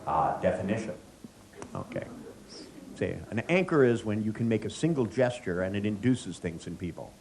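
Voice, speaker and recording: Joking middle-aged seminar trainer. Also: male voice, lowish voice, very animated, normal speed, darkish tone, a little hiss or hum. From United States. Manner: joking, anecdotal, quizzes the audience. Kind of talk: live seminar lecture to an audience.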